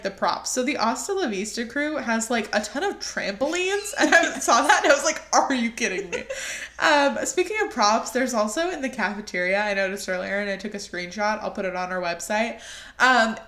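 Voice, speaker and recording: A woman's voice: fairly high pitch, a bit bright, roomy sound. An American woman co-hosting a podcast, recapping a movie in casual chat, joking and sarcastic with frequent laughs. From United States. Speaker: podcast co-host.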